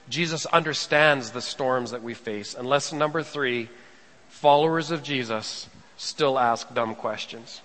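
Bright-voiced preacher in a reverberant hall. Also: male voice, medium pitch. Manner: rising and falling preaching delivery, quotes scripture dramatically. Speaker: pastor. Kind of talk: sermon. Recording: long reverb of a large hall.

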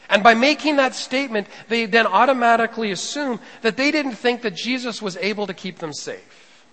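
A male pastor preaching a sermon, swinging between hushed lines and raised emphatic ones as he acts out scripture. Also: high voice, lively intonation, moderate pace. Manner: rising and falling preaching delivery, quotes scripture dramatically. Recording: long reverb of a large hall.

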